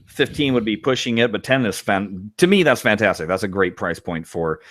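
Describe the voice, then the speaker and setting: A man's voice: lowish voice, lively intonation, fairly quick, fairly bright tone. A man co-hosting a podcast in casual chat, talking with animation and acting out quoted reactions. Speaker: podcast co-host.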